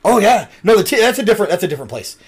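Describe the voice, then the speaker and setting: Nebraska guy on a podcast, rambling and swearing, stumbles over his words, voice a bit high. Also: very animated, slightly rough. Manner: profane rambling storyteller with halting restarts. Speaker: podcast co-host. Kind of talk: casual chat.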